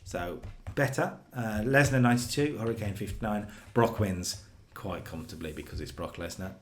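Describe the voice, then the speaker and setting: Chatty guy with a lowish voice, lively storytelling, tosses in silly voices. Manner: animated storytelling, does quick character voices in quotes. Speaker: co-host recapping a wrestling sim save. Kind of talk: casual podcast chat.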